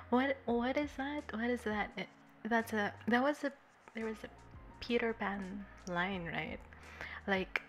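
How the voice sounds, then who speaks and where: A woman livestreaming and chatting warmly with her viewers. She giggles often, sounds nervous, and is a little tipsy. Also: a little high, creaky. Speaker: streamer greeting chat. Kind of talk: casual livestream chat.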